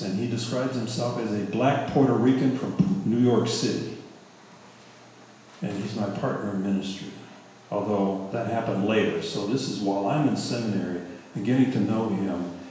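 A man's voice: on the low side, a little hiss or hum. Man, middle-aged, pastor, conversational story sermon, heavy echo, distant mic, long reverb. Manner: conversational, self-correcting, animated retelling. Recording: very echoey hall, speaker far from mic.

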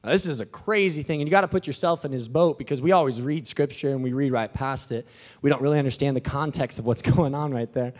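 A man preaching a sermon in an animated, joking, storytelling manner. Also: mid-range voice, fast.

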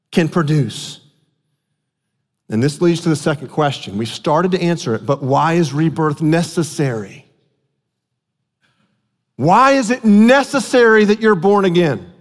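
A pastor delivering a sermon with a high-pitched voice that carries a long reverb, as in a large hall. He talks in a conversational, storytelling way and repeats key lines for weight.

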